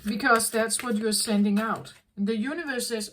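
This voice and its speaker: Woman, tarot reader, slow and earnest, fairly high voice, faint background noise. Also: fairly even intonation, a bit bright, rough recording. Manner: slow, repetitive, earnest, self-correcting. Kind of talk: reflective spoken reading.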